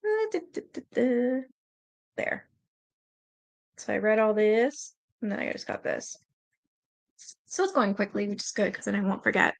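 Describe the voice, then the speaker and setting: A woman's voice: medium pitch, normal speed, gravelly, pauses often. A Canadian woman hosting a livestream, reading aloud and chatting loosely with her viewers, swearing freely and laughing often. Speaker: livestream host.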